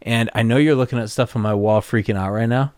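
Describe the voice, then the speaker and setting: A man's voice: medium pitch, steady tone, fast, darkish tone, no room sound. A man hosting a casual podcast from a cluttered home studio, rambling and swearing with lots of fillers. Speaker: podcast host.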